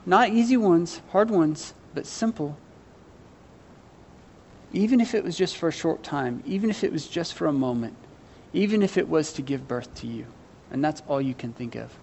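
An earnest male pastor delivering a sermon, speaking in a slightly higher register. He addresses his listeners directly with searching questions and pokes fun at himself. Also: a little mellow, slight background noise. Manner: self-deprecating humor.

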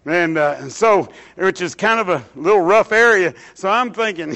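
A man's voice: sits high, vocal fry, bright, forceful tone. A man with a Texan accent preaching a sermon, telling his own testimony in a folksy, rambling way with frequent amens. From Texas, USA. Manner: folksy storytelling, drawn-out phrases, frequent amens.

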